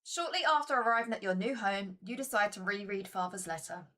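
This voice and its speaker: A woman's voice: medium pitch, lively intonation, fairly quick, sharp tone. A woman chatting casually to her viewers while playing a board game, chatty and self-mocking.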